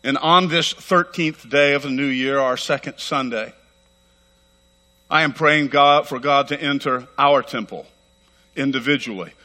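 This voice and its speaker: A middle-aged man preaching a sermon as pastor, fervent and emphatic, talking rapidly and repeating phrases for weight. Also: mid-range voice, bright, forceful tone. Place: church sanctuary. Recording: long hall reverb.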